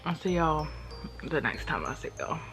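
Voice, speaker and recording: Young woman just rambling at the camera, kinda low voice, music going under it. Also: big pitch swings, moderate pace. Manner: chatty and rambling, many fillers. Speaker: vlogger. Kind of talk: casual chat to camera.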